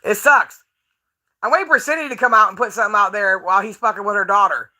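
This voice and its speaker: A woman's voice: mid-range voice, fast talker, bright, forceful tone. A woman livestreaming, talking casually to her chat in a brash, profane and taunting way, laughing often as she talks.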